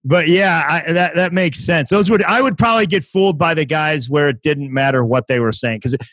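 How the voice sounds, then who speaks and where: Comedian guy on a podcast, kinda high voice, rambly, makes fun of himself, dry close mic. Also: a little fast, a bit bright, dry recording, low-quality recording. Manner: rambling, self-mocking storytelling. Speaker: guest comedian. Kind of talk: casual podcast chat.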